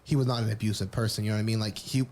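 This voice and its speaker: A man's voice: fairly low pitch, fairly even intonation, racing, darkish tone, a little hiss or hum. A man on a podcast candidly telling his personal story, rambling with frequent restarts and casual swearing. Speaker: podcast co-host.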